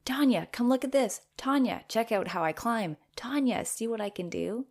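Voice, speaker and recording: An eager little girl calls out to be watched, as a woman puts her on. The voice is pitched up and excited, and it sits louder than the woman's own speech. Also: normal speed. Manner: excited, pleading.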